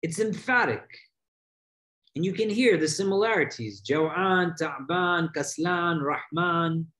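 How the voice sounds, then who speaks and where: A man with a fairly high voice gives a religious lesson as an imam. He speaks with emphasis, often sinking low and slowing on the words he wants to stress. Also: lively intonation, sharp tone. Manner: emphatic, drops low and slows on key words. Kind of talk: religious lecture.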